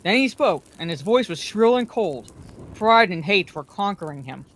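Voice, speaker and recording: A woman narrating a fantasy novel aloud as a bedtime story, in a calm, even manner. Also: medium pitch, normal speed, a little hiss or hum.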